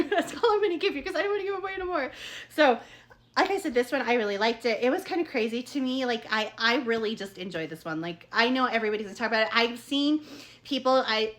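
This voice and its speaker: A woman's voice: fairly high pitch, fairly bright tone. A woman chatting casually as a book reviewer, rambling with many fillers and self-corrections. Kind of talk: casual chat.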